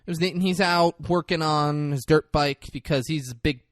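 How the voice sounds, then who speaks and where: A man's voice: fairly high pitch, moderate pace, no room sound. Guy on a podcast trashing a movie plot, swears a lot, dead dry mic. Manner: crude, mocking retelling with quoted voices. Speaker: podcast co-host. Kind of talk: casual movie recap chat.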